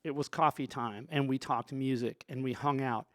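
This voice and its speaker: A man's voice: medium pitch, fairly even intonation, normal speed, no room sound, studio quality. A man, a sound engineer, telling stories from his work in a loose, rambling way full of asides. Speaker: sound engineer, show guest. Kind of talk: storytelling in a conversation.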